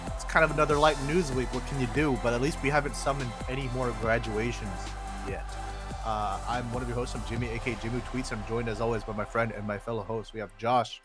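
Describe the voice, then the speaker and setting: A man hosting a casual podcast, animated and joking, swearing often and calling people "dude". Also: medium pitch, fast, music in the background. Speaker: podcast host.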